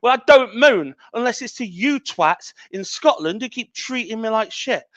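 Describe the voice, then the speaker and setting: A man's voice: high voice, fairly bright tone, no echo, muffled recording. A man, a wrestling champion cutting an angry, profane, taunting promo as a podcast guest.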